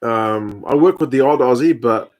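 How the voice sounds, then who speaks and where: A man's voice: medium pitch, normal speed, darkish tone. A man, chatting casually on a live stream as host, answering viewer comments while watching a rugby match.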